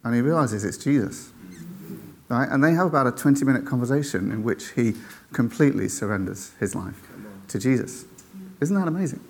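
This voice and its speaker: A man tells a faith story to an audience, animated and acting out the voices of the people in it. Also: mid-range voice, fairly quick, a little hiss or hum. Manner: animated, acts out quoted voices, checks in with "right?".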